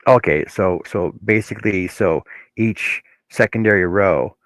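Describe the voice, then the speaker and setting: A man co-hosting a casual chat, explaining haltingly and repeating words. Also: deep voice, fairly bright tone, no echo. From Canada. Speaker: livestream co-host.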